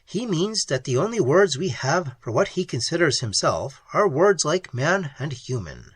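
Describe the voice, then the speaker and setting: Blunt, practical young man explorer, read by a narrator; plain, slightly gruff storybook voice. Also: fairly high pitch, big pitch swings, normal speed, dry recording. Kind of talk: audiobook character voice.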